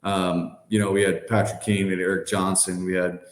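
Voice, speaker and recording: A man's voice: sits low, flat delivery, fairly quick. Guy in his 30s rambling thru hockey stories, like like you know, echoey room. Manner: loose, rambling, many "like" and "you know" fillers. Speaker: podcast guest, former hockey player. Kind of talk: casual storytelling. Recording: roomy echo.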